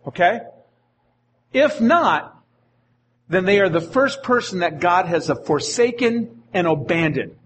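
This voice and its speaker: A man's voice: sits high, a little hiss or hum. A male pastor preaching a sermon in an earnest manner, often repeating his phrases.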